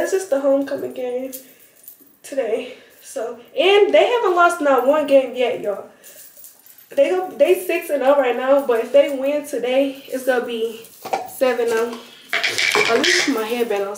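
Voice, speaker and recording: Chatty teen girl, high voice, echoey room. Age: teens. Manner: chatty, rambling, addresses viewers as y'all. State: out of breath at times. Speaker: vlogger. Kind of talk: casual vlog talk to camera. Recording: roomy, somewhat distant phone audio.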